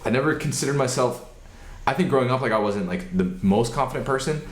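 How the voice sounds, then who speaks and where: A man hosting a podcast interview, talking in a relaxed, rambling way with plenty of fillers. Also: mid-range voice, fast talker. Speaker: podcast host. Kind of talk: casual interview chat. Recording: roomy echo.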